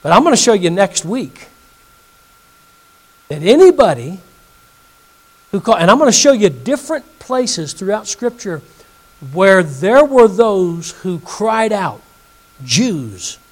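A man's voice: high-pitched, very animated, slow pace, pauses often, low-quality recording. A male pastor teaching an evening Bible lesson, reading scripture aloud and putting questions to his audience.

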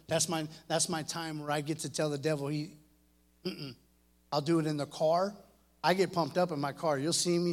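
A middle-aged man delivers a sermon to young people, his voice sitting a little high for a man. He talks directly to the kids, earnest and animated, pressing each point home. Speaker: youth preacher.

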